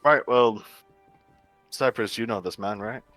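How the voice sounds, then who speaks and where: A man's voice: medium pitch, a little slow, fairly bright tone, no echo, soft background music. A man playing a tabletop game, speaking casually and a little hesitantly. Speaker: player.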